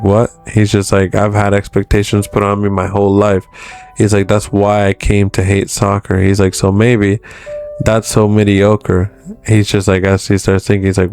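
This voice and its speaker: A manga reviewer with a fairly low, slightly mellow voice gives a casual chapter recap. He retells each scene loosely and keeps saying "he's like."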